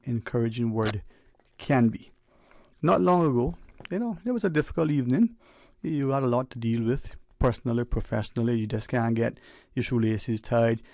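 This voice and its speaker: A Caymanian man hosts a talk radio show, delivering a reflective, preachy monologue in a conversational manner, speeding up and slowing down for emphasis. His mid-range voice is gravelly and a little mellow. The recording is dry and studio quality, made on a studio microphone in a radio studio.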